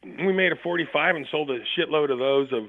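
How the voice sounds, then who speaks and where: A man's voice: fairly high pitch, fairly quick, no room sound. A man talking as a guest musician in a radio interview, telling loose, profane anecdotes with laughs mixed in. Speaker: band member guest. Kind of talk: casual interview storytelling. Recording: tinny phone line.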